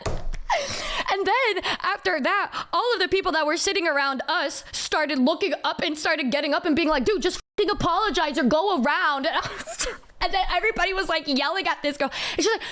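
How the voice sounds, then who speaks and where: Young female streamer, high bright voice, animated storytelling with heavy swearing. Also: a little fast. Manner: animated, heavy swearing, quotes people in raised voice.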